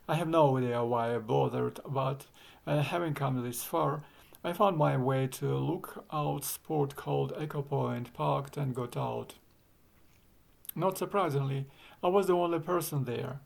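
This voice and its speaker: A man's voice: medium pitch, creaky, a little mellow. A man reading a travel story aloud as narrator, with a wry, dry sense of humor. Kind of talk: audiobook reading.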